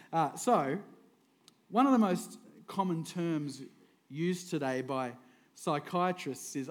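A man's voice: fairly high pitch, darkish tone. A middle-aged man, preaching a humorous sermon in a jokey, conversational way that often breaks into chuckles. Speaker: pastor.

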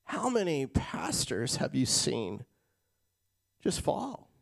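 A man preaching a sermon as pastor, shifting between loud emphatic lines and quiet, casual asides to the congregation. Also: mid-range voice. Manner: casual, addresses crowd as guys.

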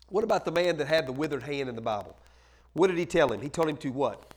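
A man preaching a sermon as pastor. He asks the congregation questions and answers them himself, drops to a hush at times, then builds up loud and fervent. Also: on the high side, animated, quick pace.

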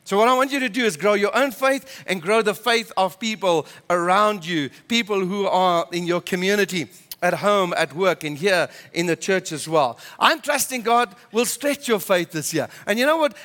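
A man's voice: high-pitched, expressive, moderate pace, a bit bright. A man, a pastor preaching a passionate, emphatic sermon in church. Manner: passionate, emphatic, repeats words when building up. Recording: reverberant church hall.

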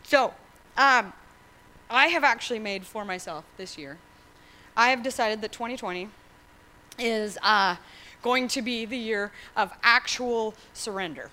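A woman pastor preaching a sermon in an animated way, acting out quotes and asking the congregation questions. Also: on the high side, measured pace, pauses often, low-quality recording.

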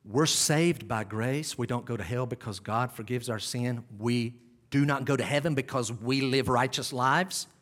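A man's voice: medium pitch, normal speed. Earnest preaching pastor, a man. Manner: earnest, pleading, rises to urgent exhortation then drops to hushed prayer tone. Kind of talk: sermon.

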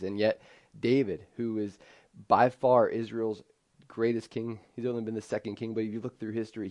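A man's voice: fairly low pitch, a little mellow. A man in his thirties preaching an earnest, conversational sermon, often restarting his sentences. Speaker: pastor.

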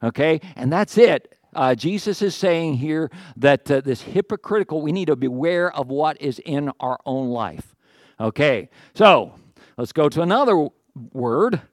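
A middle-aged pastor, sounding out of breath, preaches to his congregation in a conversational way, with asides, self-deprecating jokes and rhetorical questions to the room. His voice is on the high side, expressive and measured. The audio is studio quality with no echo.

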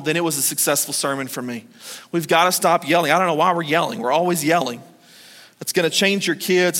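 A man's voice: sits high, bright, forceful tone, in a large hall. A man in his thirties preaching a sermon as pastor, conversational and joking, acting out short quotes.

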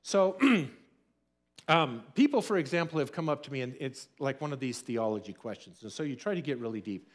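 A man's voice: medium pitch, animated, moderate pace. A middle-aged man preaching a sermon in a conversational way, telling stories and acting out what people said. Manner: conversational storytelling, acts out quoted voices. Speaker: pastor.

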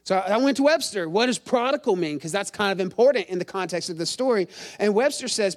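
Middle-aged guy preaching, pretty high voice, tells stories on himself, asks the crowd stuff. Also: lively intonation, brisk, hardly any pauses. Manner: chatty, self-deprecating storytelling with crowd questions. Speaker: pastor. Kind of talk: sermon.

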